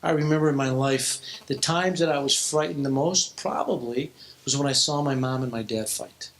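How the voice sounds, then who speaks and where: A middle-aged man preaching a sermon to a youth group in a church hall, telling stories with restarts and sudden drops to a hushed voice. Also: mid-range voice, normal speed. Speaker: pastor. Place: church hall, in front of students.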